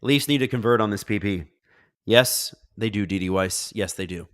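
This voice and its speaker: A man hosting a live watch-along stream, reading chat and reacting loudly to the game, dropping into mumbled asides. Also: medium pitch, moderate pace. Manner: excitable, swings from mumbled asides to loud outbursts.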